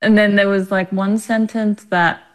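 A woman's voice: medium pitch, little pitch movement, moderate pace. An Australian woman in her thirties, an actress chatting as a guest in an interview, talking freely with frequent laughter. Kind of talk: casual interview.

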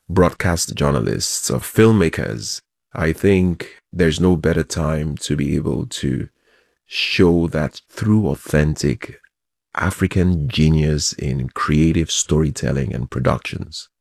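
A man, a project founder giving measured, expansive interview answers. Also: rumbling low, gravelly, a little mellow, no room sound, studio quality.

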